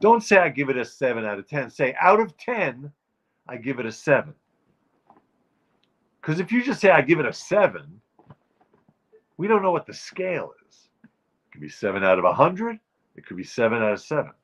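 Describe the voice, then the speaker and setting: Wry, animated man ranting comically. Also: medium pitch, brisk. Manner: wry, emphatic ranting about phrases. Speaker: show host. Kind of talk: comic monologue.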